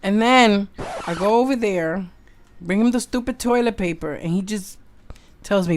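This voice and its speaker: A woman's voice: medium pitch, expressive, moderate pace, slight background noise. A woman in casual live stream chat, talking candidly and swearing freely, laughing at herself.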